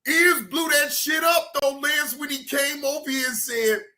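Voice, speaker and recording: A man hosting a reaction channel, excitable and profane, laughing often as he comments. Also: very high-pitched, unhurried, roomy sound.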